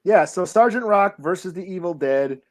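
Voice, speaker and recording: Man, podcast co-host, casual and easygoing, fairly high pitch. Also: expressive, normal speed.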